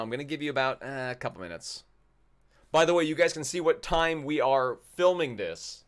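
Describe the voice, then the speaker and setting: A man's voice: on the high side, lively intonation, brisk. A man hosting a live trivia game in a casual, jokey, rambling way, often repeating himself.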